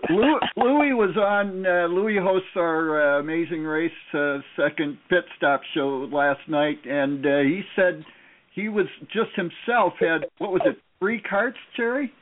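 A man co-hosting a casual call-in show, asking questions with hesitant pauses. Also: fairly high pitch. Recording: tinny phone-line audio with faint noise.

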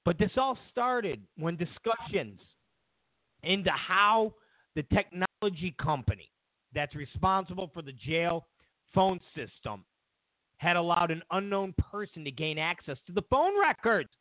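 A man hosting a show, ranting in a sarcastic, mock-outraged way, jumping between shouting and muttering. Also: high-pitched, expressive, measured pace, dry recording. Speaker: host. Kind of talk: sarcastic political rant. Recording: dry tinny phone-like sound.

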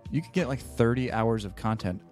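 A man's voice: mid-range voice, brisk, a little mellow. Male podcast co-host, rambling and jokey, faint music under. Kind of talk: casual chat.

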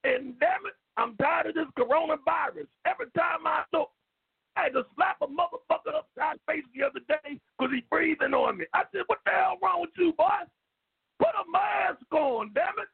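A very high, gravelly voice of a brash, hot-tempered old man, put on by a man for a comedy bit. He shouts, curses and trips over his own restarts as he rambles. It all comes through a thin, phone-like line. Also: a little fast, no room sound. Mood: blustering. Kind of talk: comedic call-in character bit.

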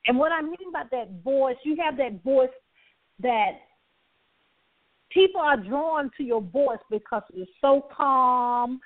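A woman's voice: sits high, animated, takes it slowly, dry recording. A woman hosting a talk broadcast, effusive and repetitive, with preacher-like emphasis and frequent laughter. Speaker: talk show host. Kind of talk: enthusiastic broadcast outro. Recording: thin phone-like line.

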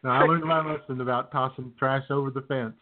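A man's voice: mid-range voice, steady tone, a little fast. A man hosting a podcast, rambling through stories in casual chat and laughing at them. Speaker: podcast host. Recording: tinny phone-like audio.

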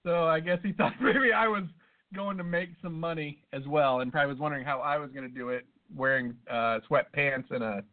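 A man's voice: on the high side, a little fast. A man co-hosting a podcast, telling a long rambling story in casual chat, full of swearing and asides. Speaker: podcast co-host. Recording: tinny phone-like sound.

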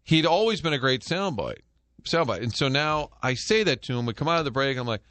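A middle-aged man hosts sports talk radio, spinning animated stories and quick jokes at a relaxed, conversational clip. His voice sits at an ordinary pitch and comes across close and dry, with no room sound around it. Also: no echo. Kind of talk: casual sports talk banter. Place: radio studio. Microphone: studio microphone.

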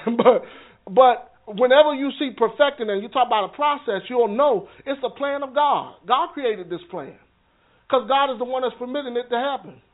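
A minister teaching a Bible class speaks in a very high voice at a moderate pace, and the audio sounds narrow, like a phone. He leads the session conversationally, often checking in with listeners and repeating words.

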